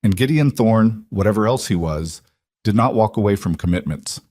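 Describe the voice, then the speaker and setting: A male narrator reads a scripted story in a low, even voice. His delivery is steady and unhurried. The recording is close-miked and dry, with no room sound. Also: no echo.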